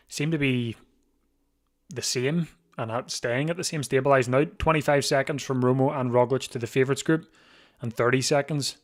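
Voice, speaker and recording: A man hosting a live watch-along of a bike race, chatting casually with frequent restarts, sleepy and yawning. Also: medium pitch. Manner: chatty, thinks aloud with restarts, quick to laugh. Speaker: live stream host.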